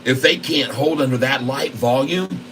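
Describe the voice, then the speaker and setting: A man hosting a trading channel, commentating live on his trades in a folksy, excitable way and constantly talking to his viewers. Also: medium pitch, moderate pace, slight background noise, rough recording. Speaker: stock trading channel host.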